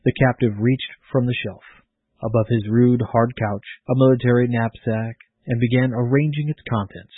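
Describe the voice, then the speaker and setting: A man reads a 19th-century story aloud in a measured, formal way. His voice is husky and sits in a mid range. The recording is dry and thin, almost like a phone line. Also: medium pitch, fairly even intonation, no room sound. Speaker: narrator. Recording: tinny phone-like dry sound.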